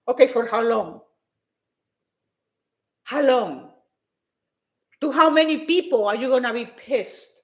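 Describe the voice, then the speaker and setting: Emphatic high-voiced woman motivational speaker. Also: expressive, takes it slowly, pauses often, reverberant. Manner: emphatic, repeats phrases, reads out viewer comments. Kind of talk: motivational live stream talk.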